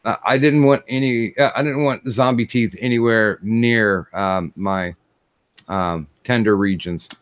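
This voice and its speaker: A man's voice: lowish voice, dry recording. Rambling man with a dry close mic. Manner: halting, many fillers and restarts. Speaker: stream host. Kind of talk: casual crude livestream chat.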